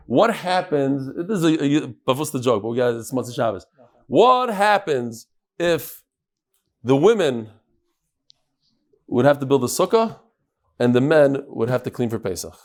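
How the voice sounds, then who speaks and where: A man teaching a daily Talmud class to a live audience in a study hall, lively and joking, with Hebrew and Aramaic terms in his English. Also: medium pitch.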